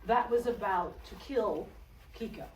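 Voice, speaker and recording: A woman from Haiti giving a testimony sermon, telling a story with animated delivery and acting out the voices of the people in it. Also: mid-range voice, measured pace, a little hiss or hum. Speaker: speaker. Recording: echoey hall, distant mic.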